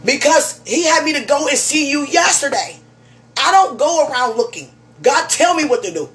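A woman's voice: high voice, animated, normal speed, fairly bright tone. A woman giving a fervent, emotional spiritual message to one listener, preaching and repeating her phrases.

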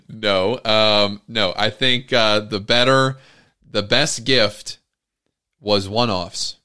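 A man's voice: lowish voice, steady tone, slow pace, bright, forceful tone, clear, resonant tone. A man co-hosting a casual chat, joking wryly and laughing often. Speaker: podcast co-host.

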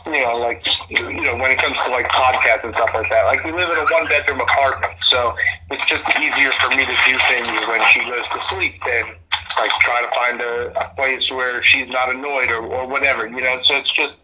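A man's voice: medium pitch, fairly even intonation, brisk, sharp tone, a little hiss or hum, low-quality recording. A young man, a podcast host, chatting casually in an easygoing, laid-back way.

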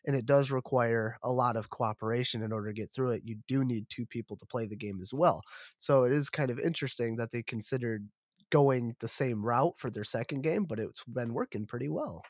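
A man co-hosting a podcast while sick, giving steady informational rundowns with a playful edge. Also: mid-range voice, brisk, dry recording, studio quality. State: sick, rough voice. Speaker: podcast co-host. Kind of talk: casual chat, reading notes.

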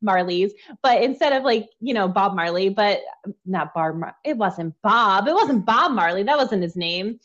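A woman's voice: medium pitch, lively intonation, moderate pace, a bit bright, lo-fi sound. A woman co-hosting a podcast, chatting casually and rambling with frequent giggles. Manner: giggly, rambling, playfully quotes scenes. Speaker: podcast co-host. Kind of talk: casual chat.

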